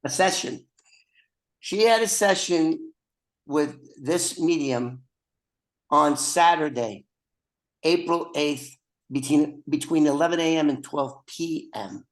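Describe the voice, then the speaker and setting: Older male podcast host, casual and jokey, wanders off topic, a touch high-pitched, on a video call. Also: takes it slowly, long pauses, rough recording. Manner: rambling, joking asides.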